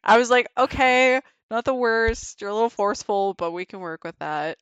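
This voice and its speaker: A woman's voice: a little high, lively intonation, normal speed, a bit bright, clear, resonant tone, no echo, highs cut off. A young woman casually telling a frank, laughing story on a podcast, swearing freely and acting out her own reactions. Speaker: guest.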